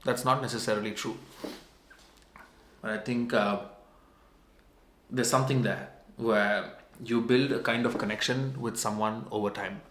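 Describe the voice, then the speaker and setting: A man's voice: fairly low pitch, steady tone, unhurried, a bit bright, a little hiss or hum. A young adult man telling a personal story as a vlogger, in a meandering, conversational and self-mocking way. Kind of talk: casual storytelling. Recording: roomy echo.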